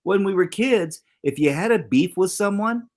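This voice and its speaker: Animated middle-aged male talk show co-host. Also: normal speed. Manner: animated, acts out quoted exchanges with big pitch swings. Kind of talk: casual talk show chat.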